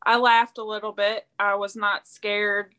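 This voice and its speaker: A woman guest in a casual movie discussion, speaking in a hesitant, measured way. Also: medium pitch, little pitch movement, pushed and bright, smooth. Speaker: podcast guest.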